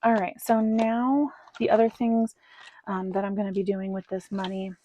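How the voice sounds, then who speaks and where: A woman's voice: medium pitch, flat delivery, moderate pace, mellow, muffled recording. A woman talking casually through her monthly cash budget, rambling with many ums and counting bills under her breath. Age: adult with children. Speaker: budgeting vlogger. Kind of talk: casual cash-stuffing walkthrough.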